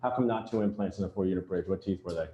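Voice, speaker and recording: A man's voice: low-pitched, racing, warm tone, lo-fi sound, slight background noise. A man coaching a group at a live workshop, joking and talking straight at the audience. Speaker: dental practice coach leading a workshop. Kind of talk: live seminar talk to a group. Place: event room with attendees. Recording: roomy echo.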